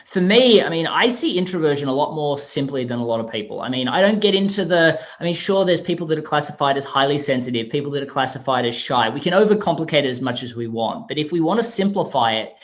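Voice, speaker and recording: A man's voice: a little high, expressive, quick pace, few pauses. Australian male guest, articulate and cheerful, slightly muffled remote audio. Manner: upbeat, articulate, explains with analogies. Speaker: podcast guest, author. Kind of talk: remote podcast interview.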